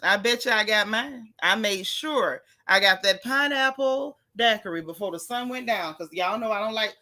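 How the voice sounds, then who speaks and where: A woman's voice: medium pitch, moderate pace, pushed and bright. A middle-aged woman hosting a casual livestream, chatting and greeting viewers by name with easygoing slang. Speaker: livestream host.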